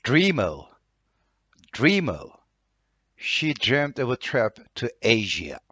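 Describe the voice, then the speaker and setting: Turkish accent guy reading english words twice each, slow and careful, dry muffled sound. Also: medium pitch, wildly swooping pitch, a bit bright, breathy edge, dry recording. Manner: says each word twice, then reads an example sentence. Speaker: language teacher. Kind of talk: reading vocabulary words and example sentences.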